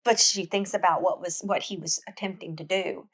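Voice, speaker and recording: A woman's voice: on the low side, steady tone, moderate pace, a bit bright. A woman hosting a book podcast, retelling a novel's plot in a chatty storytelling way with many restarts. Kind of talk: casual book recap.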